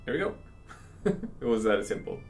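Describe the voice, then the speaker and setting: A man's voice: medium pitch, very animated, moderate pace, recorded from a distance, slight background noise, poor audio. A man giving casual, chatty gameplay commentary. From Sweden. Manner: explaining, chatty. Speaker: let's play host.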